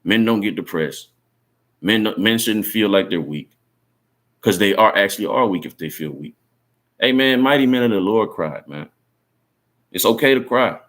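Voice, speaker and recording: A man giving an informal sermon, talking in an earnest, encouraging and conversational way, often tagging his sentences with "man" and "right?". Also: low voice. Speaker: Bible teacher.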